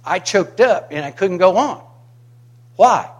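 A man preaching a sermon to his congregation, passionate, asking rhetorical questions and swinging from quiet reflection to loud emphasis. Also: sits high, lively intonation, unhurried. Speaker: pastor.

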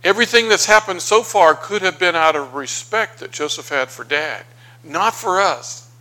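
A man preaching a sermon through scripture, conversational and unhurried, pausing on fillers as he thinks aloud. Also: high voice, bright, forceful tone, rough recording.

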